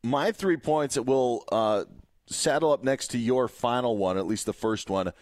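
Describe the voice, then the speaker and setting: A man from Wisconsin talks football on a podcast in a relaxed, jokey way. His voice sits at an ordinary pitch. The sound is dry and close, with no room behind him. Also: normal speed, dry recording. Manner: jokey, wraps up the show. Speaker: podcast co-host. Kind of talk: casual sports podcast chat.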